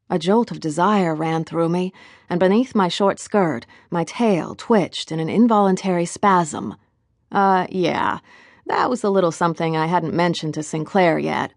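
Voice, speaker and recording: A woman's voice: fairly low pitch, normal speed, creaky, no echo, studio quality. A woman narrating an audiobook in the first person, wry and conversational.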